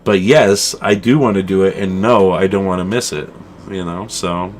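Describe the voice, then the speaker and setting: A middle-aged man co-hosting a casual chat show, rambling and animated, calling his friend "dude" and "man". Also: sits low, normal speed, a little hiss or hum. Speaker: podcast co-host.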